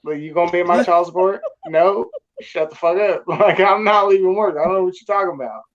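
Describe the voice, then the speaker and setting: A man from California tells a story in casual, crude, profane language. His voice sits a little high for a man, and the recording is dull and lo-fi. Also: brisk. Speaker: storyteller guest.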